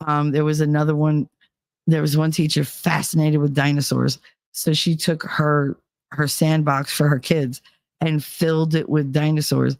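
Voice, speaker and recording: A woman hosting a podcast who tells casual stories in an animated, profane way, leaping up in pitch when she quotes people. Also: creaky, dry recording, studio quality. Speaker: podcast host. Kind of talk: casual storytelling.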